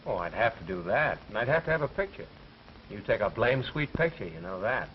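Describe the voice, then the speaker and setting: A man's voice: lowish voice, sing-song, brisk, a little hiss or hum. A breezy, wisecracking newspaperman, lo-fi old film sound. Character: wisecracking young male college reporter. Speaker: newspaper reporter. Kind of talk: 1930s film acting.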